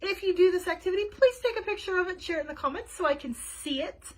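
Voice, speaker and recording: A woman's voice: very high voice, lively intonation, fast talker, low-quality recording. A woman librarian reading a children's book aloud and chatting with young listeners, friendly with casual fillers.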